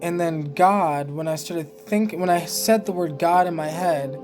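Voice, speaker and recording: A man's voice: on the high side, a little slow, music in the background. A man vlogging a rambling first-person trip report, emotionally stirred and swearing freely with many fillers.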